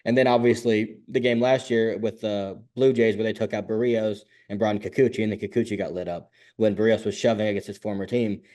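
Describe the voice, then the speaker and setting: A man co-hosting a casual sports podcast, talking in quick, opinionated bursts and jumping into high mocking voices now and then. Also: fairly even intonation, a little mellow. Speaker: podcast co-host.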